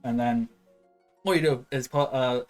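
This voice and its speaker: A man's voice: mid-range voice, fairly even intonation, a little slow, faint music behind. A man as game master narrating a tabletop game, chatty and loose with many fillers.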